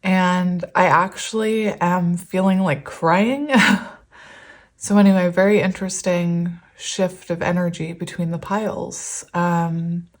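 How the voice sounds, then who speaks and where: A woman in her thirties talks through a casual tarot reading, her voice sitting a little low. She rambles warmly and giggles often. There is a teary edge to her voice, as if she is close to crying. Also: fairly even intonation, slow pace. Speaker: tarot reader.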